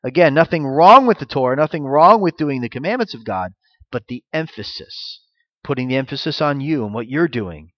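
A man's voice: medium pitch, animated, a little fast, highs cut off. A man giving a sermon as pastor, teaching through rhetorical questions and repeated phrases.

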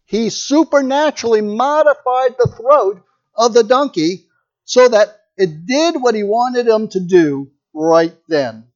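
A man's voice: very high voice, expressive, unhurried, darkish tone. A man preaching a sermon, retelling a story in a conversational way with asides to his listeners. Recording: muffled lo-fi recording.

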